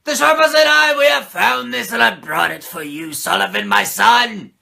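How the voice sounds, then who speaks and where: A man voicing a grody mystical old man who speaks slowly and solemnly. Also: very high voice, gravelly, sharp tone, exaggerated voice. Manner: slow, solemn, drawn-out.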